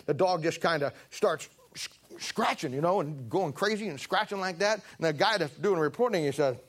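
A man preaching in a loose, folksy way, wandering through a long anecdote before landing the lesson. His voice sits a little higher than most men's. He trips over his words and starts lines again. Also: fairly bright tone. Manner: folksy, rambling anecdotes with restarts. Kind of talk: sermon with storytelling.

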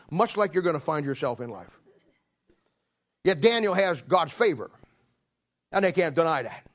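A middle-aged man preaching a sermon, acting out a story with lively storytelling. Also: a little high. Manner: animated storytelling, acting out scenes.

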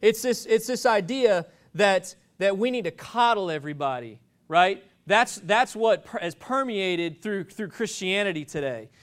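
A man's voice: sits high, lively intonation, a little slow, hardly any pauses. A man preaching a sermon, telling stories in a rambling, joking way with many restarts.

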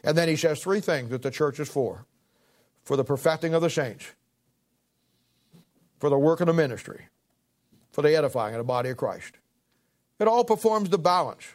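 A man preaching as pastor, swelling and slowing to read scripture, then falling back into chatty asides, clearing his throat now and then. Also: medium pitch, darkish tone. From Ohio, United States. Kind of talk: sermon.

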